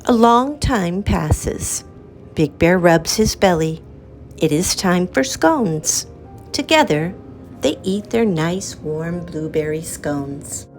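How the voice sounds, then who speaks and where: Woman storyteller for kids: low, lively, unhurried, reading aloud over faint music. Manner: slow, lilting, expressive read-aloud. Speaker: children's storyteller. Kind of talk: reading a picture book aloud.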